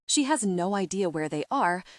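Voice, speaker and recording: A woman's voice: fairly low pitch, animated, normal speed, no room sound. Woman narrating an audiobook, dry booth. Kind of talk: scripted narration.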